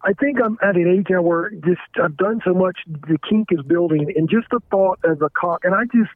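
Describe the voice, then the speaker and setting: Caller: high-pitched man, halting and frank, heard over a thin dry phone line. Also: dry recording. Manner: halting, frank, stumbling restarts. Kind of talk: candid confessional phone talk. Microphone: telephone.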